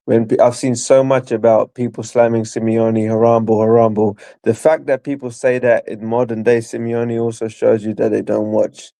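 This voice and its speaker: A man with a mellow, relaxed voice talks football on a call-in stream. The sound is dry and close, and he comes across as incredulous while he laughs along with the host. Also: mid-range voice, moderate pace, vocal fry, hardly any pauses, no room sound. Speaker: guest. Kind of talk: casual football chat call.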